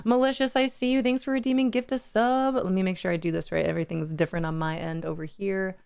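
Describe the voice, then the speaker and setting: A young adult woman chats casually on a live stream, greeting viewers by name and laughing often. Her voice sounds smooth and clear, sitting at an ordinary middle pitch for a woman. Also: steady tone, fast, a little mellow.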